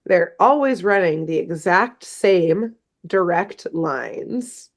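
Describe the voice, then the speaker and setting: A young adult woman co-hosting a podcast, recapping a cartoon episode in casual, animated storytelling and slipping into playful quoted voices. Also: lowish voice, takes it slowly. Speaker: podcast co-host.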